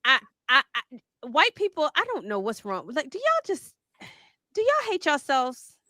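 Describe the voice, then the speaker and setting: A woman talking in a loose panel chat, laughing easily and restarting her sentences. Her voice sits fairly high and sounds bright and clear. The recording is close and dry. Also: unhurried, dry recording. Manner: animated, laughing, many restarts. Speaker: commentator.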